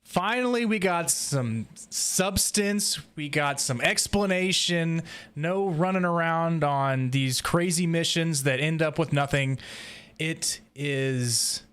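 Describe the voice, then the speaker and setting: A man's voice: a little high, takes it slowly, a bit bright, clear, resonant tone. A man in a casual podcast roundtable, wry and emphatic, often restarting his sentences. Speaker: podcast co-host.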